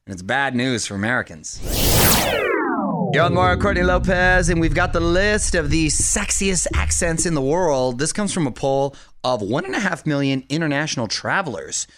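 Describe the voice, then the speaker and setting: A man's voice: fairly high pitch, animated, a bit bright, faint music behind. A man hosting an entertainment radio show in a breezy, playful way. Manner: breezy, playful, quick banter. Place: studio.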